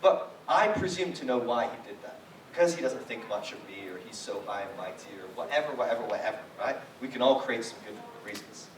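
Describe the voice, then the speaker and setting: A man's voice: mid-range voice, animated, fairly quick. A man giving a conversational sermon as a guest preacher, telling stories with frequent "right?" asides and acting out quotes. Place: church hall. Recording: echoey hall, distant mic, faint noise.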